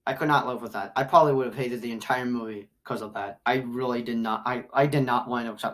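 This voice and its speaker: A woman with a notably low-pitched voice talks through a film review in a loose, casual way. She rambles and circles back to the same points over and over. Her level keeps jumping between loud excited outbursts and quiet, low mutters. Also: fast, hardly any pauses.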